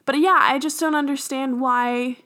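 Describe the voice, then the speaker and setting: A young woman chats casually as a podcast co-host, her voice sitting a little high. She talks easily and laughs often as she goes. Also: steady tone, moderate pace, sharp tone. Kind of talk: casual chat.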